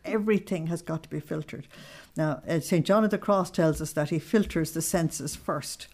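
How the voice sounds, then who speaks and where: Woman, deep low voice, religious teacher, measured and explanatory with small-group listeners. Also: darkish tone. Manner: measured, explaining with plain everyday examples.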